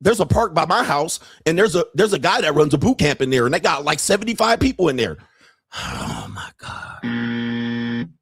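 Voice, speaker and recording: A man's voice: a little high, wildly swooping pitch, normal speed, gravelly, fairly bright tone, breathy edge, dry recording. Brash ranting man, very dry sound. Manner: brash, ranting, laughs often, mimics people. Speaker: podcast host. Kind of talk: profane livestream monologue.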